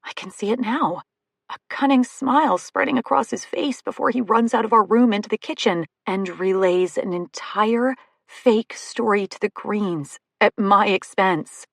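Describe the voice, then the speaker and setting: A woman reading a first-person romantic comedy audiobook, expressive and comic in the dialogue. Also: mid-range voice, unhurried, gravelly, dry recording, studio quality. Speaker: audiobook narrator.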